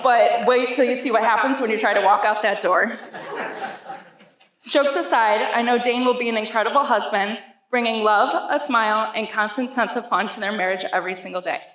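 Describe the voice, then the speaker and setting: A woman's voice: on the high side, fairly bright tone, a little hiss or hum. A woman giving a wedding toast, joking and then sentimental, at a reception. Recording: echoey reception hall with crowd. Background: guests laughing.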